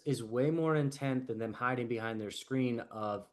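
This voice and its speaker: A man's voice: mid-range voice, moderate pace, hardly any pauses. A man coaching a group call in a casual, chatty way, filling his talk with "like" and "right?" and acting out quoted people. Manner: casual, lots of "like" and "right?", animated quoted asides.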